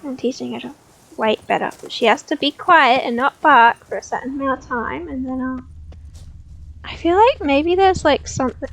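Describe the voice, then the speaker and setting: A woman live-streaming a video game, chatting casually in a soft-spoken way and cooing fondly at her dogs. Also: sits high, normal speed, creaky, slight background noise, poor audio.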